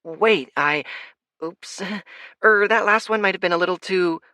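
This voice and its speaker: A blunt, matter-of-fact young woman, as a male narrator puts her on, pitched up into a brighter register. Her delivery teases and swings up and down, slow and deliberate, in a dry audiobook read. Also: sing-song, no room sound, full character voice.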